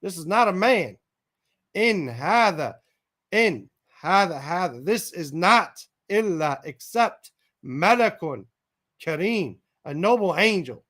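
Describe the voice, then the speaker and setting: A man's voice: high-pitched, animated, a bit bright. A man teaching a Quran lesson. He reads each Arabic phrase and then translates it word by word in English, stopping now and then to correct himself or check a point of grammar. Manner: pauses to self-correct and check grammar aloud.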